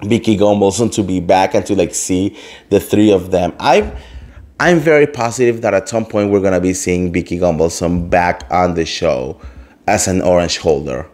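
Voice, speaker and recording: Guy dishing gossip, animated, keeps acting out quotes, calls everyone girl. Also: low voice, moderate pace. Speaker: host. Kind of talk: casual gossip chat.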